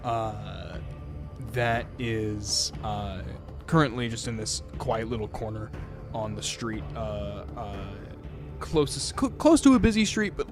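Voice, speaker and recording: Rambling man running a tabletop game. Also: on the low side. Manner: rambling, filler-heavy narration. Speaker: game master. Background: background music.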